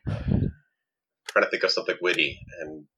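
A man speaking as a podcast guest in casual chat, relaxed and rambling, with lots of "like"s. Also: a bass voice, a little slow, slight background noise, poor audio. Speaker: podcast guest, game master.

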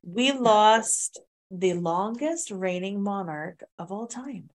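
A woman co-hosting a casual chat, telling stories in a chatty, animated way. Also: mid-range voice, slow. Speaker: co-host.

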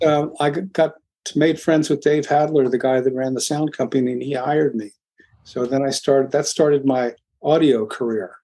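An older man from Philadelphia, a guest in an interview, telling his story in a rambling, halting way with many restarts. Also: medium pitch, fairly even intonation, dark tone, husky. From Philadelphia, USA. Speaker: guest, music producer.

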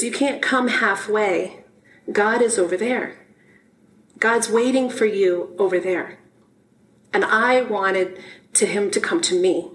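A woman's voice: mid-range voice, rough recording. A middle-aged woman minister giving a personal, heartfelt, conversational sermon in a church sanctuary. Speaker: minister giving her first talk.

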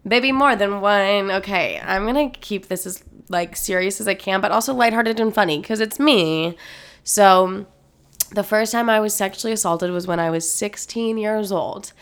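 A woman's voice: medium pitch, normal speed, a bit bright, clean tone. A young woman hosting a podcast episode, telling a personal story candidly, with frequent swearing and many uses of "like". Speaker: podcast host.

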